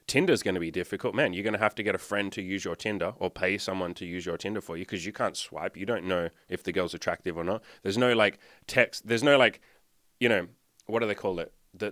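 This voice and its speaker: A man's voice: lowish voice, a bit bright, no room sound, clean studio sound. A man, working as a dating and life coach, delivering a blunt, swear-filled motivational rant while sharing his screen. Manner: blunt, swearing constantly, fired up. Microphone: desktop mic, sharing screen.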